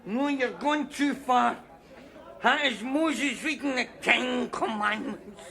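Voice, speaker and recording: An actor playing a meek, superstitious Scottish drinking buddy in a TV sitcom, fussy and boastful in manner. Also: male voice, very high voice, slow pace, pushed and bright, full character voice. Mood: pious. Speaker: drinking pal Jamesy. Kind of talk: TV sitcom acting.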